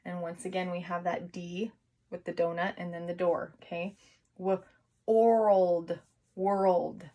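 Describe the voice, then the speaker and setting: A woman teaching young children to write, encouraging them and sounding out words slowly syllable by syllable. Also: lowish voice, completely flat delivery, darkish tone. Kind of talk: remote phonics and writing lesson for young children.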